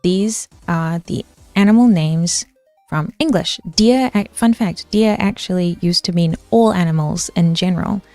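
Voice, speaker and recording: A woman's voice: fairly low pitch, a little slow, a little mellow, no echo, soft background music. A woman streamer ranting casually about history, chatty and swearing, answering her chat as she goes.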